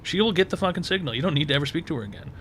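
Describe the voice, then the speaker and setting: A man's voice: fairly high pitch, animated, very fast, fairly bright tone, a little hiss or hum. A man hosting a call-in advice show, blunt and crude, hammering points home by repeating himself.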